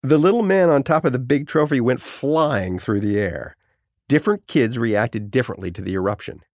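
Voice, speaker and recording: A man from New Orleans narrating a documentary podcast in a deliberate storytelling manner. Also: mid-range voice, a little mellow, dry recording, clean studio sound. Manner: deliberate storytelling, vivid phrasing. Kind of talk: scripted narration.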